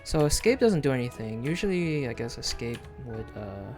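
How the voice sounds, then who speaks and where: A man's voice: mid-range voice, big pitch swings, moderate pace, a little mellow, soft background music. A man streaming a video game live, chatting casually in a rambling, hesitant way with lots of fillers and restarts.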